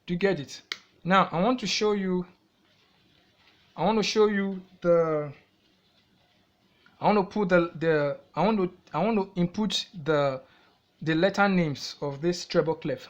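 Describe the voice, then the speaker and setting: A music teacher with a Nigerian English accent and a fairly high voice walks through a lesson step by step. He repeats key points and keeps checking in with the viewer through questions he then answers himself. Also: moderate pace, lo-fi sound. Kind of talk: classroom-style music theory lesson.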